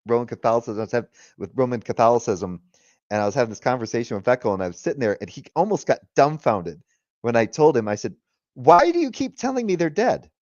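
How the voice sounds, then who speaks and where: A man's voice: medium pitch, darkish tone, dry recording, highs cut off. A man hosting a casual livestream, talking loosely, swearing freely and laughing often. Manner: retells arguments in quoted voices. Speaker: livestream host.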